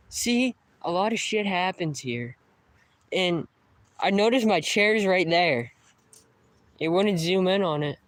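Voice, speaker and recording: A man's voice: a little high, expressive, measured pace, pauses often, fairly bright tone. A young man vlogging a live stream outdoors in the woods by the water, talking casually, swearing a lot and startled by sounds.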